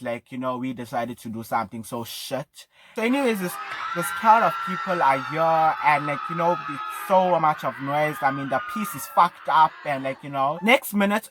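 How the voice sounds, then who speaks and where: Animated young South African man vlogging. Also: on the high side. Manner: animated, breathless retelling full of swearing and fillers. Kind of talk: casual storytelling.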